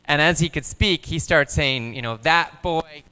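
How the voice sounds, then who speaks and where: A man in his thirties telling a personal story on stage, calm and gentle, with quiet stretches. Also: on the high side, normal speed, clean tone, in a large hall. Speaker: guest speaker.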